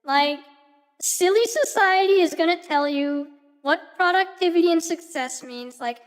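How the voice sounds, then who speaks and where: A woman streamer with a very high voice gives a slow, earnest pep talk to her chat. She pauses now and then to search for her words. Her voice carries a long reverb tail over faint music.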